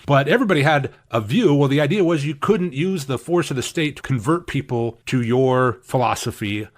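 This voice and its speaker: A man's voice: medium pitch, animated, normal speed. A man preaching a sermon, emphatic and repeating key phrases for stress. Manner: acts out quoted speakers in shifted voices. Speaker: pastor.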